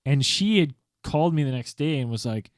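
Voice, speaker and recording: A man's voice: medium pitch, lively intonation, fairly quick, dry recording, studio quality. A man in his thirties, a podcast host telling a story in casual chat, acting out the quoted voices and laughing often.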